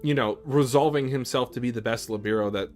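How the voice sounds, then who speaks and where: A man's voice: medium pitch, brisk, darkish tone, faint music behind. A man co-hosting an anime reaction talk, laying out his points at length. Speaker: co-host of anime reaction channel. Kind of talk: casual chat.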